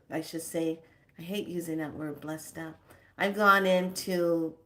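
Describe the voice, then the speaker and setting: A woman giving spiritual teaching to camera in an emphatic, colloquial way. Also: lowish voice. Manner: slow, emphatic, colloquial; chants words drawn out.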